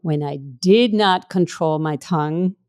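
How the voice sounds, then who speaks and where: A middle-aged woman from Puerto Rico co-hosting a casual faith podcast, an animated storyteller who acts out the people she quotes with big leaps in pitch. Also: measured pace. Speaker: co-host.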